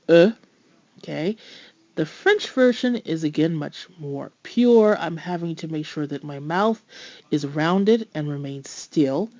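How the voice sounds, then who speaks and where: A woman teaching pronunciation, speaking clearly and slowing down to model each sound. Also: lowish voice, mellow, dry recording, muffled recording. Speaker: French teacher. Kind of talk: scripted pronunciation lesson.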